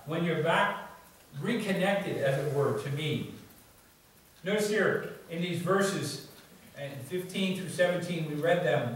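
A male pastor preaching a sermon in a conversational way, often adding "you see" and "okay?", recorded in a church. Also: fairly high pitch. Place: church sanctuary. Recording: very echoey church, distant mic, faint noise.

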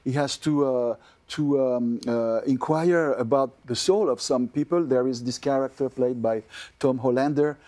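A man's voice: mid-range voice, moderate pace, dark tone. An older man from France with a French accent, an actor answering TV interview questions in a hesitant way, with many fillers and restarts. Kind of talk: TV interview chat.

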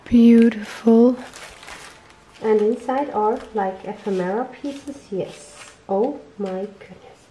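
Slow-talking woman, gushing and teary. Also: a little high, steady tone, dark tone, a little hiss or hum, low-quality recording. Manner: gushing, searching for English words. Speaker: papercraft vlogger. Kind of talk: casual unboxing chat. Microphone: tablet microphone.

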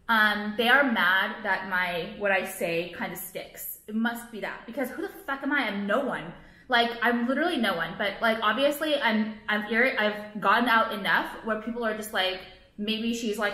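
A woman's voice: medium pitch, bright, forceful tone, reverberant, poor audio. A young woman who owns a jewelry business, talking in a casual confessional vlog, rambling and frank with lots of swearing and filler words. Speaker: jewelry business owner and vlogger.

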